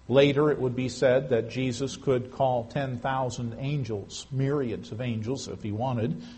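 A man preaching a sermon, telling stories earnestly, swelling loud and then dropping to a hush. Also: mid-range voice, slightly rough. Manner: earnest storytelling with emphatic swells and hushed drops. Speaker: pastor.

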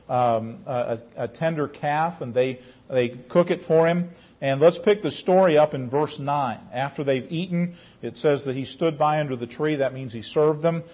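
A man teaching a Bible class in a conversational way, calling on class members by name. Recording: muffled low-fidelity recording.

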